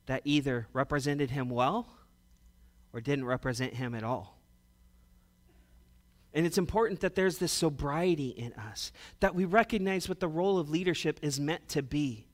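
A man preaching a sermon in a conversational way, moving from loud, animated storytelling to hushed, serious emphasis. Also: a little high. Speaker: pastor.

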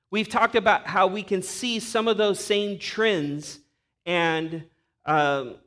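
Brief: male pastor, high voice, slow deliberate earnest sermon delivery. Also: sharp tone. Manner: earnest, emphatic preaching.

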